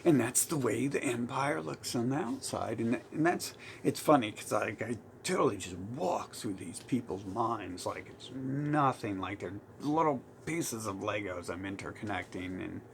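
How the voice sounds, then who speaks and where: A man with a Southern US twang rambles through a heated, profane rant, often restarting his sentences. His voice has a rough, gravelly edge and sits at a mid pitch. Faint noise hums behind him. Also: expressive, measured pace, hardly any pauses. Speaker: vlogger. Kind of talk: rambling monologue.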